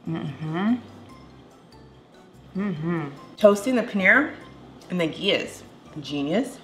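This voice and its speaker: A young woman hosting a casual cooking vlog, chatting warmly as she cooks and tastes food with bubbly enthusiasm. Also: lowish voice. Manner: bubbly, enthusiastic, tasting aloud. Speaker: cooking vlogger.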